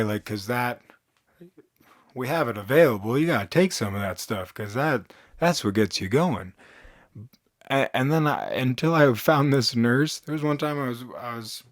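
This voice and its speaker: A man's voice: mid-range voice, no echo, studio quality. A man telling a rambling, self-mocking story in casual storytime style, acting out quotes from others. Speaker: storytelling vlogger.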